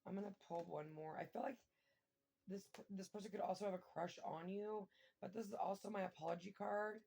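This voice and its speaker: A woman giving a casual tarot reading, thinking aloud and breaking into excited exclamations and mild swearing. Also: mid-range voice, a little fast, gravelly, a little hiss or hum. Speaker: tarot reader.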